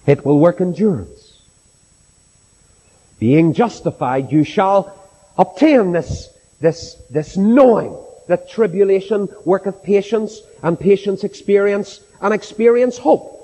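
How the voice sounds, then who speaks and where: The same kind of setting: a church hall with long reverb, where a middle-aged man with a Northern Irish accent delivers a sermon. His high-pitched voice is warm and animated but unhurried, and he passionately mocks his doubters with rhetorical flair.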